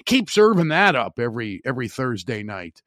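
Blunt, opinionated sports podcast host. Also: male voice, mid-range voice, big pitch swings, fairly quick, a bit bright, dry recording, clean studio sound. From Chicago area. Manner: opinionated, blunt and wry, with frequent restarts. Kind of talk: sports talk monologue.

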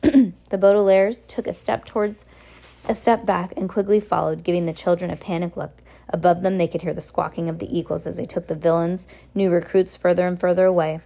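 A woman reads a novel aloud in a relaxed, casual way. Her tone is mellow and warm. She stumbles now and then and corrects herself without fuss. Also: fairly low pitch, a little fast, gravelly. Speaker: reader.

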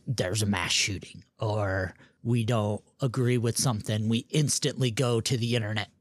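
A man's voice: lowish voice, steady tone, normal speed, dry recording, clean studio sound. A man co-hosting a comedy podcast, rambling and playful in casual banter. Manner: rambling, playful, laughs often. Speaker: podcast co-host.

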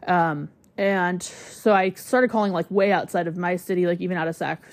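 Chatty woman podcast host, slightly low. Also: fairly even intonation, moderate pace, no echo. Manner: chatty, heavy use of "like", emotional and candid. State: choked up at times. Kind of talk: casual personal storytelling.

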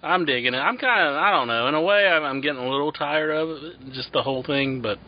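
A man's voice: a little high, fast talker. A man with a West Virginian accent, co-hosting a podcast in a rambling, casual way. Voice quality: rambling, with many restarts and frequent "mm-hmm". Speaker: podcast co-host. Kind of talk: casual chat. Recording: muffled lo-fi podcast audio.

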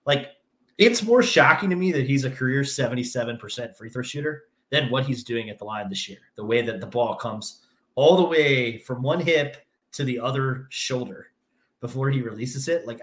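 A man, a high school basketball coach, co-hosting a sports podcast with relaxed, chuckling analysis. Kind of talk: casual sports podcast chat. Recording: echoey room.

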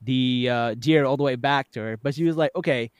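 A man's voice: mid-range voice, brisk, clear, resonant tone, dry recording. A man hosting a podcast, casually retelling a TV episode and laughing often as he goes. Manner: chatty, laughs often while retelling scenes. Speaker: podcast host.

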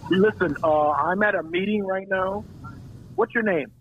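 A man answering a prank call and brushing it off briskly, saying he is busy. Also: high-pitched, muffled recording, a little hiss or hum. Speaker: caller on the phone.

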